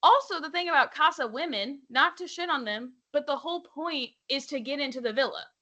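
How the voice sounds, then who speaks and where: A young woman co-hosts a pop-culture podcast, running through reality TV gossip in loose, chatty asides. She sits a touch higher than most women and sounds sharp and bright, dropping "like" everywhere and jumping into other people's voices. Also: brisk. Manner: chatty, animated, full of "like" and quoted voices. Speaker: podcast co-host. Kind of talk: casual chat recapping reality TV.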